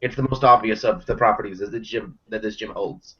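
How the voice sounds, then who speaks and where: A man's voice: on the low side, brisk, lightly acted. A man doing a fussy old shopkeeper. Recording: dull lo-fi sound.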